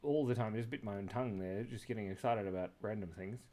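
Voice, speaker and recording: A man with a low-ish, dark-toned voice talks fast while hosting a live drawing stream from his computer indoors. He chats casually in a playful, rambling way, hopping between random thoughts and often cutting off mid-word.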